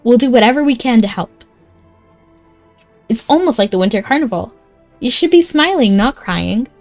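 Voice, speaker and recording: A woman's voice: fairly high pitch, expressive, moderate pace, darkish tone, dry recording, soft background music, pitched above the performer's own voice. A woman voicing a brave but easily scared male hamster knight who talks about himself in the third person. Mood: cheerful.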